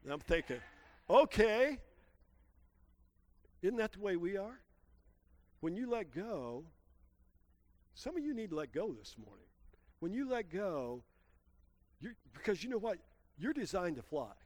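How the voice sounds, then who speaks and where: A middle-aged male pastor telling a lively personal story in a sermon, exclaiming and calling out to the congregation. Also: high voice, normal speed, long pauses. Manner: animated storyteller, exclaims and laughs, calls out to congregation.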